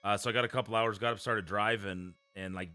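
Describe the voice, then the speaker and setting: A man's voice: lowish voice, steady tone, quick pace, pushed and bright, dry recording. A man chatting casually as a podcast co-host, rambling about his sleep schedule and old game consoles. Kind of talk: casual chat.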